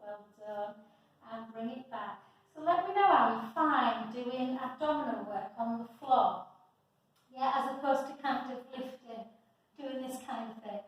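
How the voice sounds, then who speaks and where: A woman leads a pilates class, calmly cueing each movement and encouraging the group. Her slightly high voice carries from a distance through a strongly echoing studio. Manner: encouraging, gives step-by-step cues. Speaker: pilates instructor. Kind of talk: guiding an exercise class. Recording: echoey room, voice from far off.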